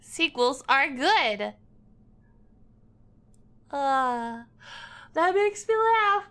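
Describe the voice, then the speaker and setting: High-voiced playful woman streamer, chatty, greets viewers, sudden squeals. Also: very animated, extremely slow, fairly bright tone. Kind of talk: casual livestream chat.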